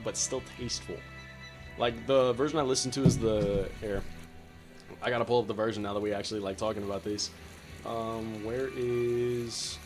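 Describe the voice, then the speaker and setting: A man from California streaming a game, chatting casually in a laid-back, slangy, enthusiastic way. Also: mid-range voice. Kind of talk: casual chat while gaming.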